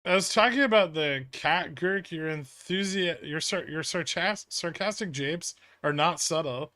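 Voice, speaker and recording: A man's voice: fairly high pitch, a little slow, pushed and bright, no room sound. A man hosting a casual trading livestream, reading chat questions and answering with dry, sarcastic humor. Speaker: livestream host.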